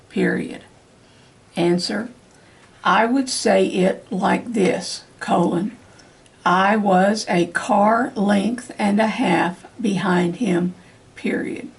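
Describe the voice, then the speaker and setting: A woman reading a question-and-answer transcript aloud as dictation practice, speaking every punctuation mark in a slow, deliberate, even way. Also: medium pitch, gravelly, husky. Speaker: dictation reader for court reporting practice.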